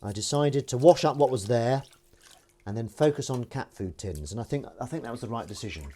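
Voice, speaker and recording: A man's voice: mid-range voice, lively intonation, brisk, dark tone, a little hiss or hum. A man, a comedian chatting casually on a live stream while washing up, rambling and self-deprecating as he reads out viewers' comments.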